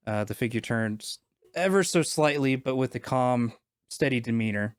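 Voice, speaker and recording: A man's voice: on the low side, steady tone, normal speed, dry recording, clean studio sound. Man running a tabletop game. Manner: casual, many fillers and restarts. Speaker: game master.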